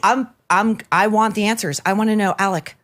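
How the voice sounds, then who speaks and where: A woman columnist, a guest telling gossipy stories in an animated, incredulous way. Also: medium pitch, fairly quick. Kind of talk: gossipy commentary.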